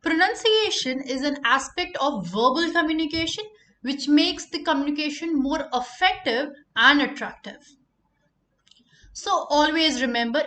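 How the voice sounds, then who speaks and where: A woman teaching pronunciation. She speaks in a high voice and takes her time, saying each word carefully several times over. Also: expressive, bright, forceful tone. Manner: repeats words slowly for emphasis. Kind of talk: pronunciation lesson.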